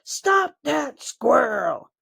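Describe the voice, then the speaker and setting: A woman voicing loud, angry male goblins who shout roughly. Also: high-pitched, big pitch swings, drawn-out words, pitched above the performer's own voice, exaggerated voice.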